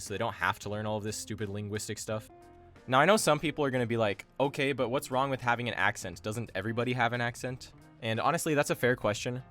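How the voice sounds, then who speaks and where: A young man giving a casual, chatty explainer on language learning, full of slang and quick asides. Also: lowish voice, a bit bright.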